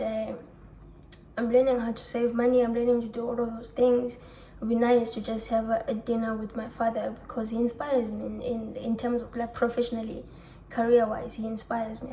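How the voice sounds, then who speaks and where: A young woman talking through a personal confessional vlog, reflective and halting, often restarting her sentences and letting out soft sighs. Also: on the high side, level tone, a little hiss or hum. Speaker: vlogger. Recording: echoey room.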